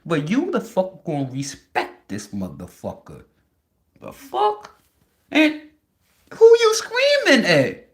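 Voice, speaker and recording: A woman livestreamer ranting loudly and profanely on a live stream. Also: mid-range voice. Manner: loud, profane, animated ranting.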